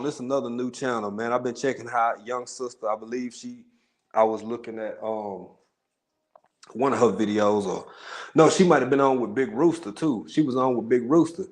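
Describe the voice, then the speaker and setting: A man's voice: medium pitch, moderate pace. A man from East Texas with a Southern accent, hosting a casual livestream and chatting loosely with viewers, greeting them by name in Southern slang. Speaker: livestream host.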